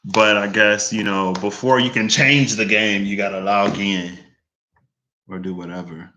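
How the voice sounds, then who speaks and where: A man rambles casually to his viewers, wandering from thought to thought with plenty of fillers. His voice is fairly low but bright and forward. He slips into higher tones when acting out what others said. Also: fairly even intonation, a little slow, slight background noise. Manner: chatty, meandering, quotes others in raised voice. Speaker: vlogger.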